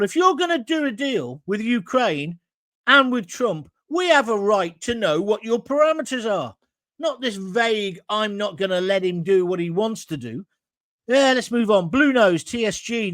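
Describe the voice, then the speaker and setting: A man's voice: high voice, fairly bright tone, no room sound. A middle-aged man hosting a talk show, giving blunt, combative opinions and reading out viewer comments.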